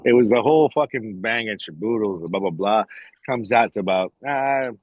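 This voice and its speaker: Husky low-voiced man telling a rambling story. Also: lively intonation, normal speed, no room sound, highs cut off. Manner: profane, rambling, quotes others in dialogue. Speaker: podcast guest. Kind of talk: casual storytelling chat.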